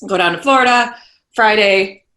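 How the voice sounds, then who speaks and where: A woman's voice: medium pitch, normal speed, bright, forceful tone. A woman guest on a podcast, telling a painful personal story earnestly and checking in with "right?". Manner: earnest, tags points with "right?". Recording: roomy echo.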